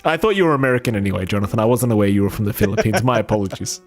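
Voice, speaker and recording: Rapid-fire male esports caster, jokey and rambling, faint music behind. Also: lowish voice, expressive. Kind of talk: esports casting and banter.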